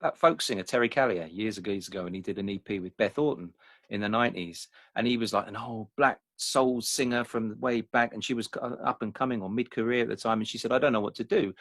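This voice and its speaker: A man's voice: lowish voice, fairly bright tone, no echo. A man co-hosting a podcast over a video call, telling stories and asking eager questions. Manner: quick storyteller, eager questions. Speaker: podcast co-host. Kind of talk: casual podcast chat.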